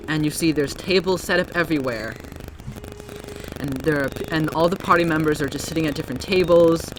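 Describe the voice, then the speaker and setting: Halting, filler-heavy game master. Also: medium pitch, fairly bright tone, low-quality recording. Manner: rambling, halting narration with many fillers. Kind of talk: narrating a tabletop game. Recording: background noise.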